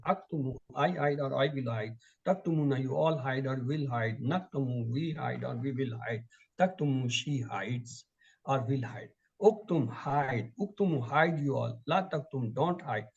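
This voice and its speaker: A man teaching an online class, reciting word lists in steady drills. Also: mid-range voice, husky, lo-fi sound. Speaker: Quran and Arabic teacher.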